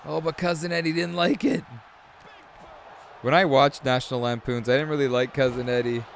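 A man in his thirties giving excitable, rambling commentary over a video game, full of chatty asides. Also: medium pitch, normal speed, vocal fry, slight background noise. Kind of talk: casual gameplay commentary.

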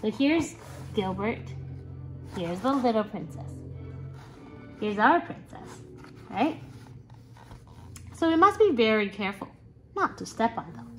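A woman reading a bedtime picture book aloud to her child, gently explaining and coaxing. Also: fairly high pitch, expressive, measured pace, pauses often, faint music behind.

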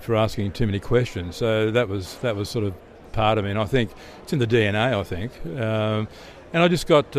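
A middle-aged Australian man, an interview guest telling stories in a chatty way, often restarting and repeating words. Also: lowish voice. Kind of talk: relaxed storytelling answers.

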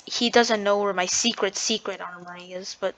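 A woman's voice: medium pitch, fairly even intonation, normal speed, a bit bright. A woman giving casual gameplay commentary, chatty and full of "like" and restarts. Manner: chatty, hedging with "like", self-interrupting. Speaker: gamer and video creator.

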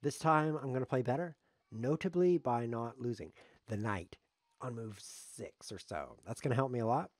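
A man's voice: mid-range voice, moderate pace, no room sound. A man streaming live chess, commenting on his games in a sarcastic, joking way as he plays. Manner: sarcastic, joking, talks to himself while playing.

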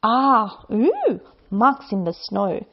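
A woman's voice: medium pitch, sing-song, slow pace, highs cut off, a little hiss or hum. A woman voicing a small, curious young female monster cub who sounds brave and wondering, in a sing-song storybook manner.

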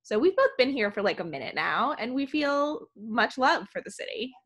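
A young woman co-hosting a podcast, chatting casually and agreeably with quick asides. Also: fairly high pitch, sing-song, a bit bright, breathy edge. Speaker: podcast co-host.

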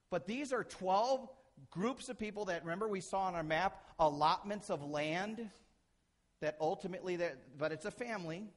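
A middle-aged male pastor delivers a sermon in a voice that sits a little high for a man and rises and falls with great liveliness. He acts out little scenes, swinging between loud bursts and hushed, intimate lines. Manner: animated, acts out quotes and shifts loud to soft.

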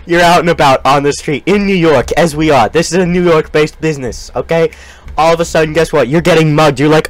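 A male streamer improvising a mock sales pitch, riffing quickly and laughing through it. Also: no room sound.

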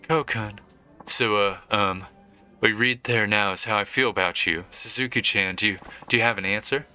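A man's voice: on the low side, pushed and bright, clear, resonant tone, soft background music. A man voicing a shy, earnest young man who stumbles over his feelings. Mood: bashful. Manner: halting, bashful delivery.

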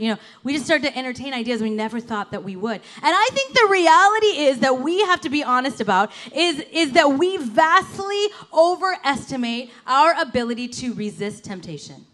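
A woman pastor giving a sermon in an animated, conversational storytelling way, full of casual fillers. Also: high-pitched, fairly quick, hardly any pauses. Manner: animated, conversational, lots of "like" and "you know".

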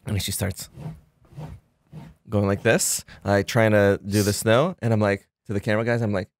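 A man, a filmmaker guest on a podcast, telling an animated story full of fillers and restarts and acting out the people he quotes. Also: fairly low pitch, moderate pace, no room sound, studio quality. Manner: acts out quoted voices. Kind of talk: casual podcast chat.

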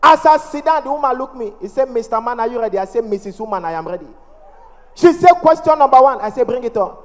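A male comedian with a Ghanaian accent telling a stand-up story, lively and playful, slipping into mimicked voices. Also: extremely high pitch, fast. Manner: animated, mimics voices, playful pidgin-flavored delivery. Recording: long reverb of a large hall.

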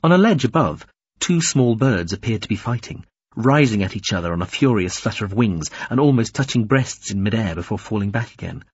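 A man narrating an audiobook in an expressive, varied reading. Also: on the low side, a little fast, breathy edge, no room sound, muffled recording. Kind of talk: scripted narration.

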